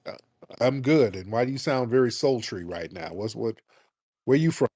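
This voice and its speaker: A man's voice: mid-range voice, animated, normal speed, warm tone, breathy edge, no room sound. A male host runs a call-in talk show with a brash, blunt manner, teasing and grilling his callers. The sound is dry and close, with no room around it.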